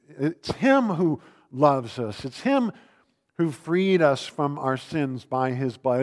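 A man in his fifties preaching a sermon, mixing scripture reading with relaxed, self-deprecating stories told in a conversational way. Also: medium pitch, in a large hall. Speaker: pastor.

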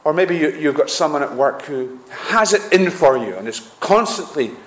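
A man's voice: fairly high pitch, animated, moderate pace, reverberant. A man preaching a sermon with earnest emphasis, often restarting with "uh". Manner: earnest, rising emphasis on key phrases, frequent "uh" restarts.

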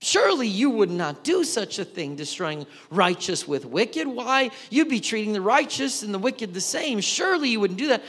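A man preaching a sermon, telling the story with animated voices for each side of the dialogue. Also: sits high, normal speed, few pauses. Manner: animated storytelling, acting out both sides of the dialogue. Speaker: pastor. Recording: long hall reverb.

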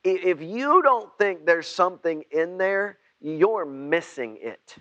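A man preaching a sermon to his church. He halts and repeats words, then gets loud when he acts out prayers. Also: high-pitched, lively intonation, slow, lo-fi sound. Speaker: pastor.

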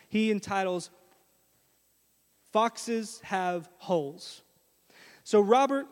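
A man preaching a sermon in a church, telling a story in an animated way and speaking straight to the congregation. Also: high voice. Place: church sanctuary. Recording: long reverb of a church hall.

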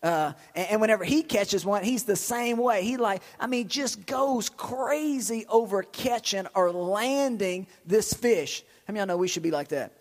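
A middle-aged man preaching a sermon in a church, telling stories with bursts of excitement and repeated words. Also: high-pitched, normal speed, few pauses, in a large hall. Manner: lively storytelling with shouts and repetitions. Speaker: pastor.

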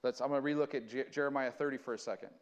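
A man preaching a sermon, switching between earnest conversational teaching and slow, dramatic scripture reading. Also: medium pitch, fairly even intonation, lo-fi sound. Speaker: pastor.

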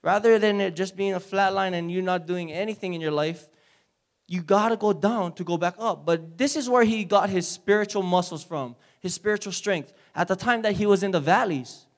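A man delivers a sermon in church. His voice sits high, and he preaches with energy, turning often to the congregation for a response. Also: normal speed. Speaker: speaker at a church service.

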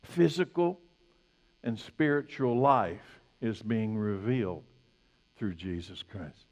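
A male pastor preaching a sermon, swinging from loud emphatic peaks to hushed, low lines. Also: slow, long reverb tail.

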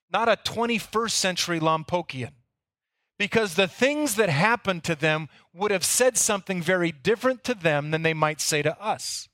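A man's voice: high voice, sharp tone, dry recording, clean studio sound. A man preaching a sermon, telling the story earnestly and sometimes repeating words as he goes. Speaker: pastor.

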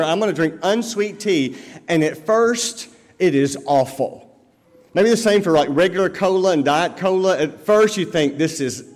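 A man preaching a sermon as pastor, in a conversational way full of everyday examples. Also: high voice. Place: church sanctuary. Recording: long reverb of a church hall.

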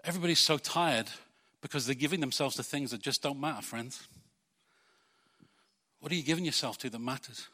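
A man preaching a sermon as pastor, putting rhetorical questions to his congregation and swinging between loud urging and quiet earnestness. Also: mid-range voice, fairly quick, big-room sound.

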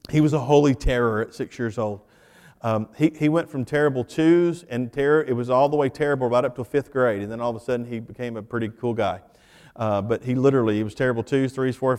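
A male pastor with a mid-range, darkish voice tells stories in a casual sermon, and a long church reverb trails his words. He talks conversationally and jokes as he addresses the congregation.

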